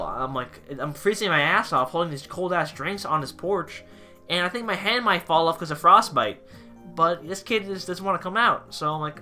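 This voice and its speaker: A young man with a bright, sharp voice rambles through a storytime rant, exasperated and casual. He swears offhandedly and keeps circling back to his point, over faint background music. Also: on the high side, normal speed. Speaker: vlogger, pizza delivery driver.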